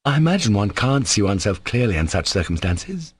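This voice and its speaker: A man voicing a timid, warm-hearted young man in an audiobook, speaking softly and earnestly. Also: on the low side, very animated, brisk, husky. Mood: pleading. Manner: soft, pleading, earnest delivery. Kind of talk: audiobook character voice.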